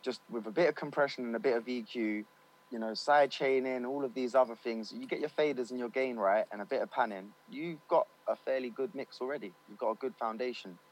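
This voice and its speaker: Brief: male studio engineer, mid-pitched, loose chatty interview talk, slang and fillers. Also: a little fast, rough recording. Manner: loose and chatty, slangy, many fillers like "you know what I mean". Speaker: studio owner and recording engineer. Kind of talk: casual interview chat.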